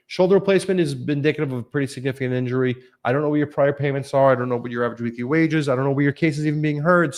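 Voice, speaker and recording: A man's voice: fairly high pitch, darkish tone. A middle-aged man, a lawyer reading viewer questions aloud and answering them in a casual, offhand live-stream chat with jokey asides.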